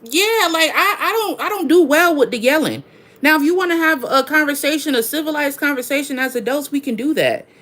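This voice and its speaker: Frustrated woman with a bright voice. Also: high-pitched, expressive, a little fast. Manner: frustrated, emphatic, repeats herself. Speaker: mother, vlogger. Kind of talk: venting to camera.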